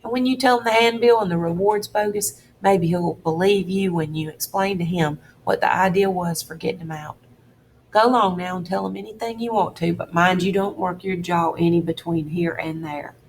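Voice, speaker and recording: A woman's voice: on the low side, moderate pace, slight background noise, lightly acted. A woman voicing a middle-aged male con man who drawls and bosses in a threatening way. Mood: bossy.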